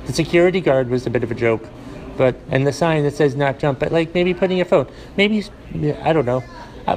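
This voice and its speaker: A man hosting a solo podcast, rambling through local stories in a deadpan way with many fillers and restarts. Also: mid-range voice, low-quality recording. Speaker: podcast host. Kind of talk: casual solo podcast monologue.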